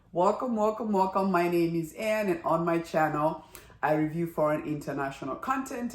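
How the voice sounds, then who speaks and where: Animated woman reviewing a drama. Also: fairly low pitch, echoey room. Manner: animated, exclamatory, chatty. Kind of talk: casual review vlog.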